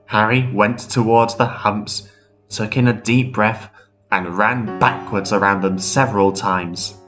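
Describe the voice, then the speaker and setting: A man narrating a ghost story in a measured, steady way. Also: on the low side. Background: faint guitar music.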